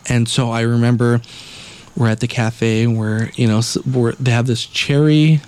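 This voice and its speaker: A man's voice: mid-range voice, little pitch movement, normal speed, a little mellow, smooth. A man telling a long, rambling travel story in casual podcast chat, swearing heavily and acting out what people said. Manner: rambling, heavy swearing, acts out quotes.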